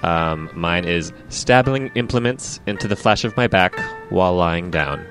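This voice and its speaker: Male co-host, low, deadpan reader over a clear music bed. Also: a little slow. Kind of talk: reading listener submissions.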